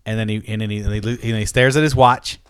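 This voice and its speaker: A man's voice: steady tone, fast talker, clean tone. A man telling a long joke to friends in a casual chat, acting out each character and laughing as he goes. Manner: acts out characters with big pitch jumps, laughs mid-story. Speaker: podcast co-host telling a joke.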